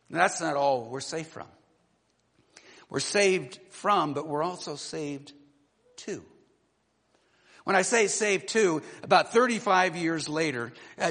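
A man in his sixties preaching a sermon, telling a personal story that moves between animated and low, quiet passages. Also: in a large hall. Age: 60s. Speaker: pastor.

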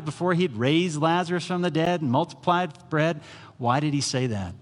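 A male pastor delivers a sermon in a mid-pitched voice, weaving stories and acting out the voices of the people in them. His words ring out with a long reverb, as in a large church sanctuary. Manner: storytelling preacher, acts out quoted voices.

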